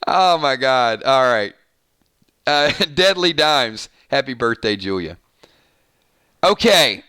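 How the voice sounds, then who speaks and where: A male channel host chatting on a live stream, reading viewer comments, excitable and laughing often, talking straight to his viewers. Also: medium pitch, slow, smooth, no echo, studio quality.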